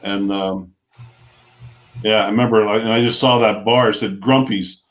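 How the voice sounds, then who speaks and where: A man's voice: lowish voice, fairly even intonation, normal speed. A man chatting casually on a livestream, telling rambling stories and chuckling as he goes. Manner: rambling storyteller, chuckles often. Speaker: vlogger guest.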